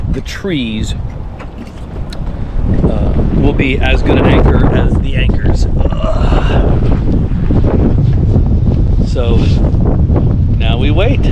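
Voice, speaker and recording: A young man talking casually to the camera about riding out a storm alone on his sailboat, animated when he tells a story. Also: mid-range voice, heavy background noise. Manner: chatty, animated storytelling, acts out quoted voices. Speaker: sailboat vlogger. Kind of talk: casual video diary.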